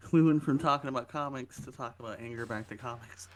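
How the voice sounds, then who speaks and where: A man's voice: mid-range voice, a little fast. A man co-hosting a podcast in casual chat, laughing often and tossing in short quips. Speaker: podcast co-host.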